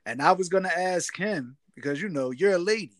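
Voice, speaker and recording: Dude cohosting a podcast, kinda high voice, slangy storytelling, dry remote recording. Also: male voice, lively intonation, brisk, dry recording. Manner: laid-back slangy storytelling with acted quotes. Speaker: podcast co-host. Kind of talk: casual chat. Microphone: remote recording setup.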